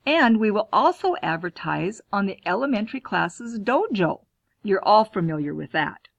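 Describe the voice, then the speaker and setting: Dry-sounding librarian teaching a class. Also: female voice, medium pitch, sing-song, moderate pace, no echo, highs cut off. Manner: clear and instructive, asks and answers own questions. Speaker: school librarian. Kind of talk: classroom lesson, talking to students.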